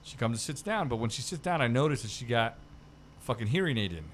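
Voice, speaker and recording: A man's voice: medium pitch, expressive, fast, slight background noise. A man co-hosting a casual podcast, telling a story full of swearing and laughter. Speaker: podcast co-host.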